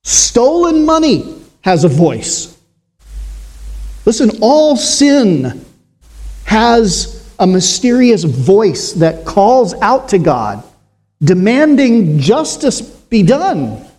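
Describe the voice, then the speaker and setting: Slow, solemn man preaching. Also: sits high, very animated, darkish tone. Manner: slow, solemn preaching with dramatic pauses and rising emphasis. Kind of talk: sermon.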